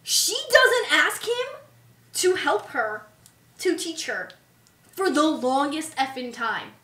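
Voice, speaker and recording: A woman co-hosting a podcast, chatting casually about a movie in an animated way, swearing freely and acting out characters. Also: sits high, slow pace, reverberant, distant mic. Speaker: podcast co-host.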